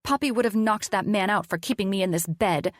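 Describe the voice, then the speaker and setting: A woman voicing a panicked, confused young woman patient in an audiobook, pleading in a shrill, frantic way. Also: a little fast, no echo, clean studio sound, close to an everyday voice. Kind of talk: audiobook character voice.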